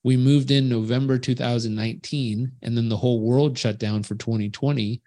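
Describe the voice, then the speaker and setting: A man, a life coach, telling a personal story in a casual podcast interview, animated and acting out the people in it, recorded at his island beach home. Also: mid-range voice, brisk. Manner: animated storyteller who acts out quoted voices.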